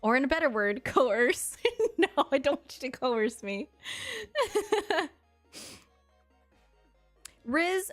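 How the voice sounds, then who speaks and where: Woman, 30s, streamer, casual chat, high voice, sassy, blunt, crude, faint background music. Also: a bit bright.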